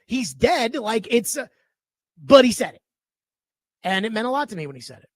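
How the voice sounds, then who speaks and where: A man hosting a sports radio talk show, ranting in an animated, emphatic and indignant way into a studio microphone. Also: very high-pitched, normal speed, no room sound.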